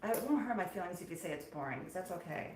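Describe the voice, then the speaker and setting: A woman hosting a casual live stream while making marshmallows, chatty and playful and quick to laugh. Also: on the low side, animated, background noise. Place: small home studio kitchen. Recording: echoey room.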